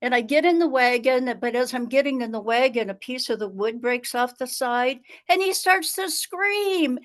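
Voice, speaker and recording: A woman's voice: sits high, animated, normal speed, few pauses, fairly bright tone. A woman storyteller telling a comic tall tale in a dramatic, exasperated manner. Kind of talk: comic tall tale told over a video call.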